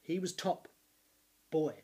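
A young man chatting excitably in an improvised mock true-crime show. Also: slow. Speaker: improv comedy host.

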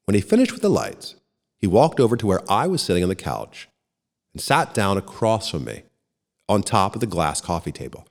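A man reading a first-person short story aloud in an expressive storytelling manner. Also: lowish voice, moderate pace. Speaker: narrator. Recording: long reverb.

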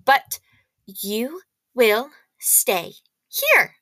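A woman's voice: fairly high pitch, wildly swooping pitch, very slow, pushed and bright, dry recording, heavily acted. A woman voicing a stern, menacing female teacher who talks in a cold, commanding way.

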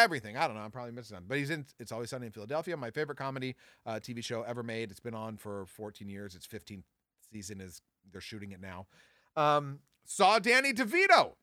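A man in his thirties from Southern California, casually telling profane stories on his podcast with big jumps in pitch. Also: pushed and bright, no echo, studio quality. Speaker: podcast host. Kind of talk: casual storytelling.

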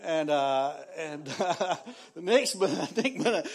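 A New man in his thirties preaching to his church. He tells stories with animation and laughs often, and his voice sits high for a man. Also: measured pace. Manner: animated storytelling, laughs often, restarts words. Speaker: pastor. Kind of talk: sermon.

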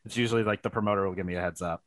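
A man's voice: lowish voice, rapid-fire, dry recording. A man, a wrestling ring announcer, telling stories animatedly as a podcast guest, laughing along the way. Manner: animated anecdotes, laughing, many "like" fillers. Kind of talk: casual storytelling interview.

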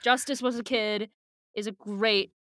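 Young woman podcast co-host, animated, casual, bright tone. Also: mid-range voice, a little slow, dry recording, clean studio sound. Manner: animated, swears casually, slips into dramatic quoted voices. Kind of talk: casual book recap, reading passages aloud.

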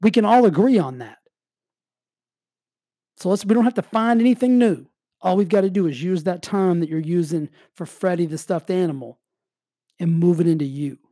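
An energetic man delivers a motivational talk in a casual, rambling way, with "like" dropped through his sentences. His voice is dark and mellow, recorded dry and close, with a slight cough in the background of his health. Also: high-pitched, moderate pace, long pauses, no room sound. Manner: energetic, casual, heavy use of "like". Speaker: motivational speaker. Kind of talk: motivational monologue.

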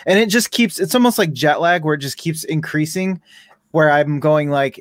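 A man's voice: a little high, moderate pace, no room sound, clean studio sound. A man co-hosting a podcast, chatting in an easygoing, joking way. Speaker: podcast co-host. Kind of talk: casual chat.

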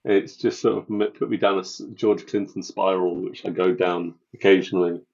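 A man co-hosting a music podcast in casual chat, halting and stammering at times. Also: low-pitched, steady tone, creaky, darkish tone, breathy edge. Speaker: podcast co-host. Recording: dull lo-fi mic.

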